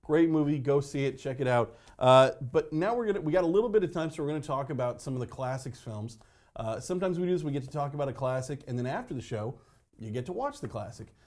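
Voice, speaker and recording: A man's voice: medium pitch, animated, fast, darkish tone. A man hosting a local movie review show, chatting casually with many fillers and jokes. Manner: rambling, filler-heavy, joking. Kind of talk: casual chat.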